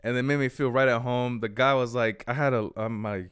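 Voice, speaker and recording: A young man co-hosting a podcast, telling a story in casual chat, swearing freely and loudly acting out the people in it. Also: medium pitch, brisk, clean tone, dry recording, studio quality. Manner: animated, swears often, acts out dialogue in loud bursts. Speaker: podcast co-host.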